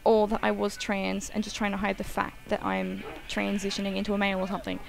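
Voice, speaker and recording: A woman's voice: medium pitch, completely flat delivery, fast, vocal fry, slight background noise, low-quality recording. A young woman in casual chat while gaming, rambling and opinionated, full of "like" and "um". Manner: chatty and rambling, frequent "like" and "um"; blunt and opinionated. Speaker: gaming channel co-host.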